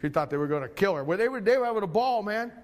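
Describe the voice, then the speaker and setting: An older man preaching a sermon, swinging from quiet storytelling to loud shouted climaxes. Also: animated, rapid-fire. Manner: rises to shouting climaxes, drops low for storytelling.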